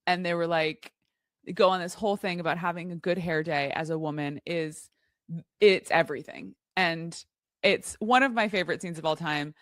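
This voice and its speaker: Lively woman telling a story. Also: on the low side, moderate pace, no echo, studio quality. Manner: enthusiastic, animated storytelling with gasps and laughs. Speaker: co-host. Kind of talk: casual chat.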